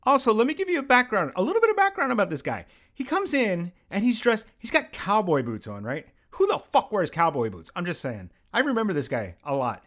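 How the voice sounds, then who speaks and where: A young adult man from Pennsylvania hosting a podcast, telling a story in a rambling, animated, self-mocking way and swearing freely. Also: high-pitched, fairly quick, few pauses. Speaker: podcast host. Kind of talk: casual storytelling monologue.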